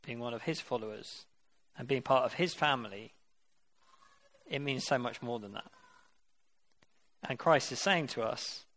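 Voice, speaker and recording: A man delivering a sermon in an earnest, conversational way. He asks his listeners rhetorical questions and speaks at a middle pitch. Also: a bit bright. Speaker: preacher.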